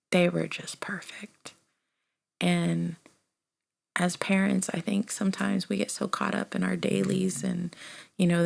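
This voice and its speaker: A woman in her thirties telling a personal memoir in a casual, conversational way, often dropping to a soft half-whisper with many fillers. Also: fairly low pitch, gravelly. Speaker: author reading and reflecting on her book. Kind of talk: casual spoken memoir reading.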